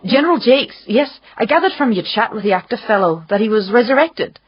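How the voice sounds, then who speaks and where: Narrator plays a sharp-tongued young woman, brisk and a little bitter; husky tone. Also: fairly high pitch, lively intonation, highs cut off, pitched above the performer's own voice. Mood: sardonic. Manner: brisk, sardonic, uses Scots words. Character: blunt, quick-witted young woman, bitter edge.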